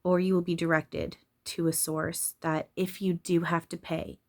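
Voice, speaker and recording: A woman's voice: fairly low pitch, level tone, measured pace, a little mellow. A woman channeler talking casually and candidly about spirituality, swearing freely and laughing often.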